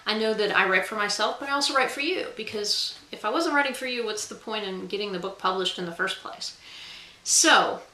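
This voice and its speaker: Bright-voiced woman vlogging in an echoey room. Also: mid-range voice. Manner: chatty and self-deprecating, with frequent ums. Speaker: author and guest vlogger. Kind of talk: casual talking-to-camera vlog.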